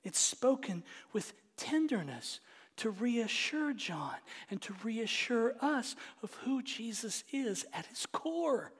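A male pastor preaching a sermon, dropping to hushed whispers and rising to loud emphatic lines. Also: extremely high pitch. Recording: long church reverb.

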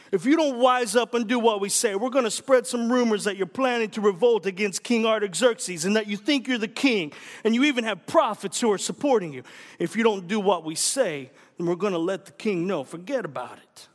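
Brief: a man putting on a bullying tough-guy official with a mobster accent, higher-pitched, echoing through a big hall. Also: animated, moderate pace. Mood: threatening.

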